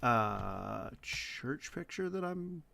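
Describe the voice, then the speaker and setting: A man's voice: medium pitch, very animated, drawn-out words, creaky, sharp tone, no room sound, studio quality. A man playing a tabletop game, chatting casually and checking rules with the game master. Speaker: player.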